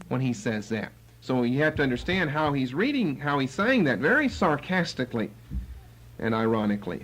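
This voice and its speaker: A man's voice: medium pitch, normal speed, poor audio. A man teaching the Bible verse by verse, acting out the quotes with sarcasm. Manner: animated, acts out quotes with sarcasm.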